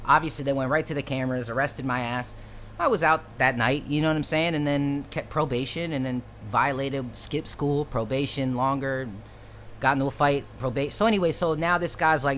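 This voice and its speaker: Man, mid-pitched voice, casual storytelling, profane slang, loose and rambling, faint ambient hum behind. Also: brisk, a bit bright. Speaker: musician telling a personal story.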